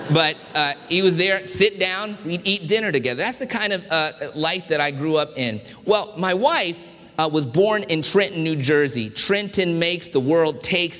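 Bright-voiced preacher in a reverberant hall. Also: male voice, high voice. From Washington, D.C. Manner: storytelling with humor, varied pacing and emphasis. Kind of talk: sermon with personal stories. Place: church sanctuary.

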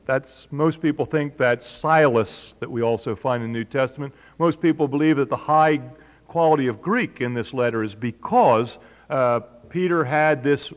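In a large hall, a preacher with a mid-range voice teaches a Bible study, talking conversationally and asking his listeners questions.

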